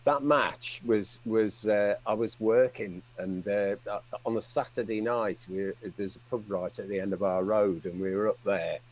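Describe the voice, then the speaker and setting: A man's voice: fairly low pitch, moderate pace, few pauses, a little mellow, poor audio. A man telling a long, rambling story on a fan livestream, swearing and laughing as he goes. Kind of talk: casual storytelling.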